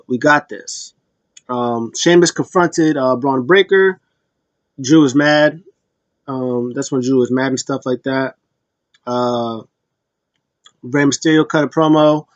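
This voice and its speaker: A man's voice: mid-range voice, no room sound. A man giving a casual, rambling recap full of fillers and restarts. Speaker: wrestling recap vlogger. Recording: dull lo-fi dry sound.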